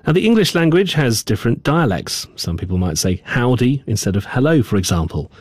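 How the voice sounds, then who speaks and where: A man presenting radio news in a conversational, lively way. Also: mid-range voice, fairly quick, no echo, clean studio sound.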